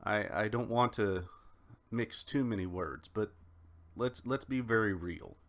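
An American man talks through a solo political commentary, his voice sitting on the low side. He rambles, restarting sentences and filling gaps with ums as he works his way through each point. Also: unhurried. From United States. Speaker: podcast host.

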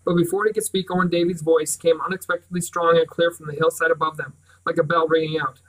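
A man's voice: on the high side, level tone, quick pace, hardly any pauses, a bit bright, distant mic, rough recording. Man reading a novel aloud. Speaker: reader. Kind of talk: audiobook reading.

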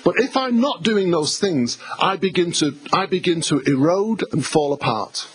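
A man's voice: high voice, animated, moderate pace, slight background noise, rough recording. An English man preaching a sermon as pastor, emphatic and conversational, repeating himself and speaking to the congregation. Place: church hall.

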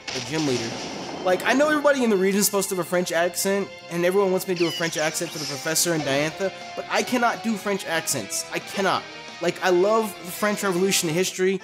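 A young adult commentating a Pokémon Let's Play, loud, profane and animated, with a desk mic and facecam. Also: medium pitch. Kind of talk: gaming commentary.

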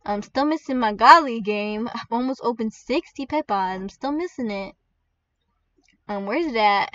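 A woman's voice: a little high, a bit bright. A young woman hosting a casual gameplay video, chatting dramatically, begging the game for a rare prize and giggling often. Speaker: gaming channel host. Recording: distant, dull lo-fi mic.

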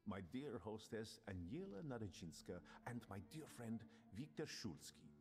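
An actor playing a grand, commanding male hypnotist in a video game, speaking in a measured, theatrical way. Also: fairly low pitch, sing-song, a little mellow. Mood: courtly. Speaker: game character.

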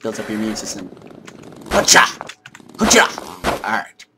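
A man co-hosting a let's play, giving casual, excitable gaming commentary full of jokes and shouts. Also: on the low side, very fast, noisy background.

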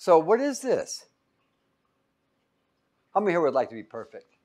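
A man's voice: fairly high pitch, moderate pace, long pauses. A man teaching a Bible lesson as a sermon, joking and quizzing his listeners. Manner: jokey, asks the audience questions; lively, swings between loud and quiet.

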